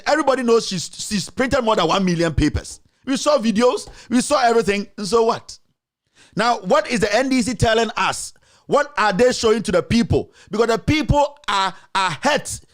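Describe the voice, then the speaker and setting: A man giving impassioned political commentary, urgent and repetitive, rising at times to shouts. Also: sits high.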